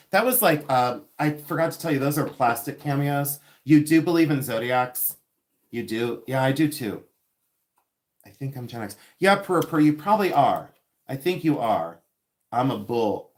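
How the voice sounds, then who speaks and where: A man in his fifties from Ohio hosts a livestream selling vintage jewelry, chatting casually with viewers. His medium-pitched voice is expressive and moderately paced, and he rambles and laughs often.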